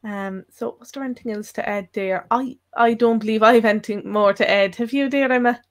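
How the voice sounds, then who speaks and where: A woman's voice: a little high, fairly quick. A woman with an Irish accent, co-hosting a live language lesson, carefully explaining example phrases and repeating them. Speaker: Irish language teacher, co-host.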